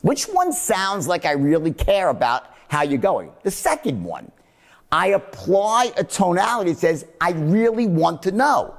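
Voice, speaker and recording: A man teaches a sales seminar in a swinging, fairly high voice, blunt and a little profane as he demonstrates different tones. His talk rings out with a long, hall-like reverb. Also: huge pitch swings, moderate pace, gravelly. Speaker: sales trainer.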